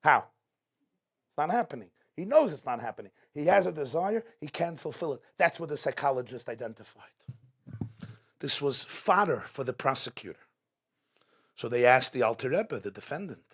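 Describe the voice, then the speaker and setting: Husky, gravelly man giving an inspirational talk. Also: mid-range voice, lively intonation, normal speed, pauses often, fairly bright tone. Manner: dramatic, repeating rhetorical questions. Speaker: guest speaker at a religious gathering. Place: event hall, live before an audience.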